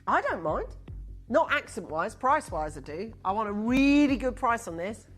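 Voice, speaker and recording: A woman's voice: a little high, sing-song, normal speed, soft background music. A woman presenting a live TV shopping show, chatty, upbeat and coaxing as she sells to callers. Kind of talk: live TV sales pitch. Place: TV studio.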